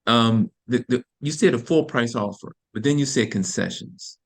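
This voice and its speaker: A man's voice: medium pitch, normal speed, vocal fry. A man, an agent asking a question on a video call, speaking hesitantly with many fillers and restarts.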